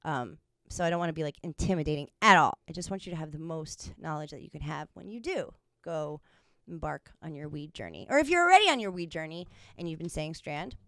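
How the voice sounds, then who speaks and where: A woman's voice: low-pitched, animated, brisk, a bit bright, dry recording. Giggly rambling young woman podcaster. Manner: rambling, giggly, lots of fillers. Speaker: podcast co-host. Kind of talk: casual chat.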